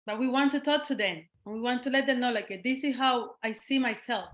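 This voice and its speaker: A woman from Cuba with a Cuban Spanish accent, a guest in a casual interview conversation who is animated, laughs often and acts out the voices she quotes. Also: a little high, brisk. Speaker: guest artist.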